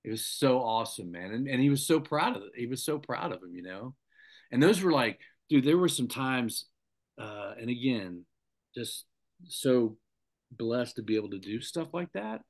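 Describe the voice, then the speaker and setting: A middle-aged former sports anchor, appearing as a guest in a casual podcast interview, tells animated anecdotes and acts out the people he quotes. His voice is mid-range and his pace moderate.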